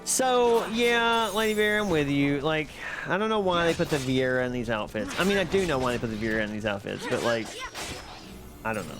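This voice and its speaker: A man streaming live, chatting casually and excitably with his viewers while playing a game. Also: fairly high pitch, fairly quick, music in the background. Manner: excitable, chatty, reads and answers chat.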